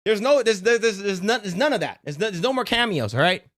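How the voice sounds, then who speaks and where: A man's voice: sits high, expressive, fast, fairly bright tone. A man streaming live, reacting to his chat in a defensive, joking way, swearing and laughing often.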